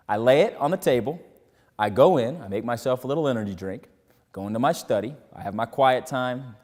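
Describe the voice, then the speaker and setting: A man's voice: medium pitch, a little mellow, long reverb tail. A man hosting a motivational talk, telling casual, self-mocking stories about his daily routine. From Texas. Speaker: host.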